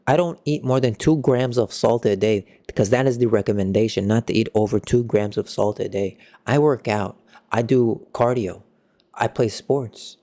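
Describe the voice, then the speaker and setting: A young man giving a casual football match reaction, excitable and ranting, with sudden jumps in pitch. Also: normal speed. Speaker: football fan vlogger.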